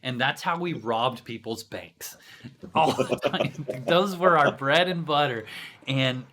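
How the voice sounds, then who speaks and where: A man hosting a podcast, telling gaming stories in a casual chat, animated, with lots of "right?" and "you know". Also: mid-range voice, takes it slowly, a little hiss or hum. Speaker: podcast host.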